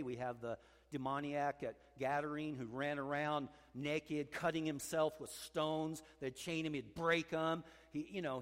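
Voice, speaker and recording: Animated male pastor preaching in a hall. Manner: animated storyteller, climbs higher and louder when excited. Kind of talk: sermon. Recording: long church hall reverb.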